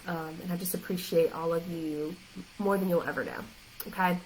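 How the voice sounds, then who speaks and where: A woman's voice: lowish voice, fairly even intonation, moderate pace, a little mellow, a little hiss or hum, rough recording. A woman life coach giving a faith-based encouragement talk, earnest, direct and emotional.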